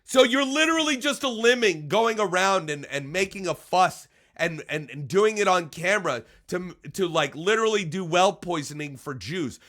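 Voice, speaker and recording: Man, high voice, bright, angry ranting commentary, profane, stammering, mutters and shouts. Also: lively intonation, moderate pace, few pauses. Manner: profane, heated, jumps between muttering and shouting; stammering restarts when agitated. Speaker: commentator reacting to an article.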